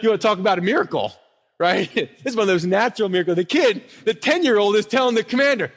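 A man preaching a sermon as a pastor, telling stories in a lively way and acting out the people in them. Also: sits high, fast talker. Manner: animated storyteller who acts out quotes. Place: church sanctuary. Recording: long reverb of a church hall.

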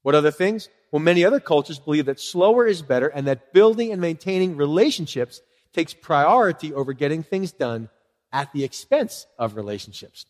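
A man preaching a sermon to his congregation, lively and conversational, acting out short exchanges in different voices. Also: brisk, in a large hall. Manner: animated, acts out little dialogues with swooping pitch. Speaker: pastor.

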